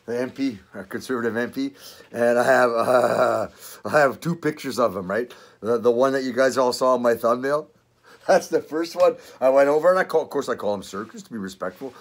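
A man's voice: medium pitch, a little fast. An older man with a Canadian accent, chatting casually in a vlog, rambling, swearing and laughing often. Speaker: vlogger. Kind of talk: casual chat.

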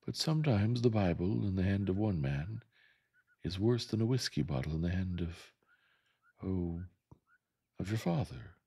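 A sharp-tongued older Southern neighbor woman, given voice by a man in a gentle storybook reading. She speaks in a dry, firm, plain-spoken way. The voice under her is very deep and husky, with lively swings in pitch. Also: normal speed, pauses often, full character voice.

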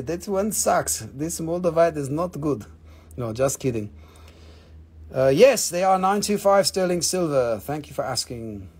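A man's voice: fairly high pitch, darkish tone, slightly rough. A man hosting a live crystal sale stream, joking around and calling out buyers' names and prices. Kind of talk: live sales stream chat.

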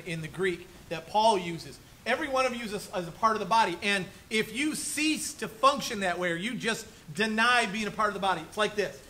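High bright-voiced chatty male pastor. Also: a little hiss or hum, low-quality recording. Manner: chatty, keeps asking "right?" and "okay?". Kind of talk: conversational sermon. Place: church room with a congregation.

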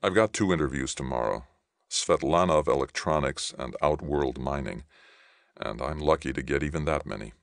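A man's voice: rumbling low, moderate pace, gravelly, dry recording, clean studio sound. A man reading an audiobook, voicing a reserved, blunt young ex-soldier.

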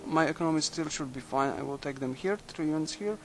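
A young man quietly musing aloud while playing a strategy game, halting and thinking out loud. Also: fairly high pitch, faint music behind, low-quality recording. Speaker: video game commentator. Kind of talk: late-night let's play commentary.

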